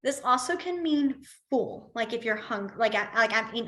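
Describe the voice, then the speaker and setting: A woman's voice: on the high side, expressive. Chatty woman teaching a class. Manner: chatty, laughs often, talks through demonstrations with long quiet pauses. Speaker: sign language teacher. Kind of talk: casual class instruction. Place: library classroom.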